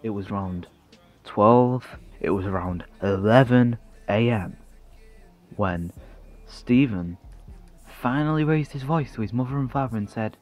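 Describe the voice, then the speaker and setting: A man's voice: fairly low pitch, a little slow, dry recording, soft background music. A man, telling a rambling comic story full of swearing and self-mockery.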